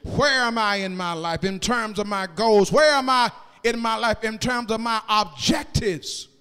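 Pastor guy preaching, slow singsong with shouty peaks, big echoey church. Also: high-pitched, clean tone, soft background music. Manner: preaching with rising, sung cadences and shouted peaks; draws out key words slowly. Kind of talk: sermon. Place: church sanctuary. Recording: long reverb of a large hall.

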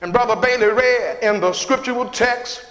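A man preaching a call-and-response sermon in a church, building into chanted shouting. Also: extremely high pitch, moderate pace. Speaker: pastor. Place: church sanctuary. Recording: echoey church hall with long reverb.

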